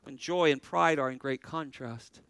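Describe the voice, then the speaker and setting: A man's voice: medium pitch, measured pace, creaky, a bit bright, clean tone, dry recording, low-quality recording. A male pastor preaching a sermon, earnestly putting questions to his congregation.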